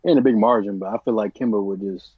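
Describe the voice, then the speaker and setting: A man's voice: fairly low pitch, fast, breathy edge, no echo, narrow, tinny audio. A man co-hosting a casual sports podcast, hesitant, opening his points with "I mean" and "I feel like". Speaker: podcast co-host.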